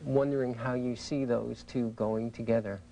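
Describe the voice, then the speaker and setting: A male interviewer with a mellow, gravelly voice asks slow, reflective questions. A faint hum sits under the recording, and he keeps his measured, exploring tone throughout. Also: medium pitch, fairly even intonation, rough recording. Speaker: clinical interviewer. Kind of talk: therapeutic interviewing.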